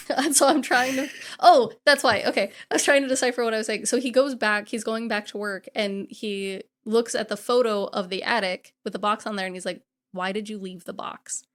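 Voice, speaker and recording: A woman co-hosting a podcast, recapping a horror movie in casual, profane, animated chat. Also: a little high, fairly quick. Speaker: podcast co-host.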